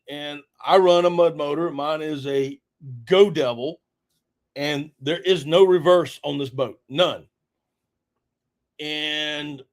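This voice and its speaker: A middle-aged man hosting a live stream, telling a hunting story in a rambling, laughing way with lots of fillers. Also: on the high side. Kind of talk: casual storytelling chat.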